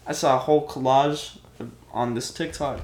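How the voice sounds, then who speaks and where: A young man co-hosting a podcast in casual chat, speaking in a halting, hesitant way. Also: mid-range voice, steady tone, a little mellow. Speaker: podcast co-host. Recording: roomy echo.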